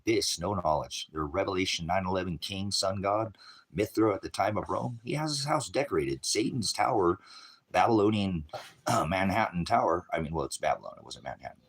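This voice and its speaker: Deep-voiced man, rambling monologue. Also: animated, a little fast, husky. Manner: meandering, jumps between topics. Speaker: religious livestreamer. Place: at home with a puppy.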